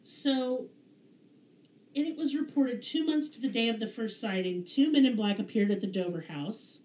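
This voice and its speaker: A woman's voice: on the high side, normal speed. Sarcastic twangy Southern woman host. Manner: sarcastic, profane, animated storyteller. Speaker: podcast host. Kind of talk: casual storytelling chat. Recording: roomy echo.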